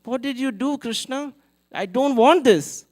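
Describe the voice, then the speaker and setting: A man doing a high, pleading old fruit-seller woman. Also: measured pace, a little mellow. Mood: anguished. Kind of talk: storytelling in a sermon.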